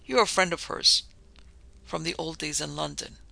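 A man voicing a sinister, disfigured nobleman in an audiobook, speaking with measured, coldly polite menace. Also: a little high, creaky, sharp tone, full character voice. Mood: menacing. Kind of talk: audiobook narration.

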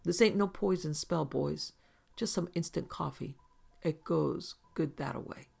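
A man doing a hearty gravelly hound-dog hunter. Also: a little high, unhurried, heavily acted. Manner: backwoods dialect, lively and sure.

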